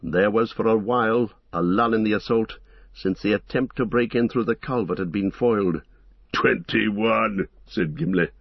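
Low-voiced guy reading a story, steady, dull lo-fi dry sound. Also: normal speed, no room sound. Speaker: narrator. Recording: dull lo-fi recording.

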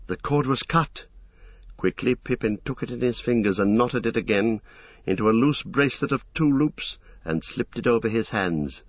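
A man narrating a fantasy audiobook in a measured, dramatic storytelling manner, in a dull, muffled recording. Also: medium pitch, lively intonation, breathy edge, no echo.

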